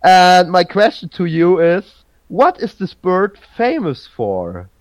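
A man hosts a casual podcast trivia quiz in a high voice with huge swings in pitch, speaking slowly against a completely dry, roomless sound. He halts, restarts and searches for his words as he chats.

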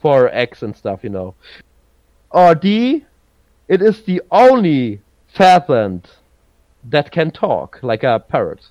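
A man's voice: a little high, big pitch swings, takes it slowly, long pauses, darkish tone, no room sound, highs cut off. A man hosting a casual podcast quiz. He halts, restarts and searches for his words. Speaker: podcast host running a trivia quiz. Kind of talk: casual chat.

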